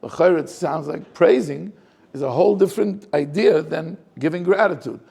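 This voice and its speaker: Gravelly-voiced rabbi probing a text. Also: male voice, on the high side, moderate pace, darkish tone. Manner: probing, asks many rhetorical questions. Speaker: rabbi teaching a class. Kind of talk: Torah class, questioning the text aloud.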